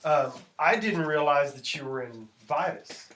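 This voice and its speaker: A man interviewing a guest in a relaxed, joking way. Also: a little high, unhurried, slight background noise. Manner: easygoing, joking. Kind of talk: casual interview.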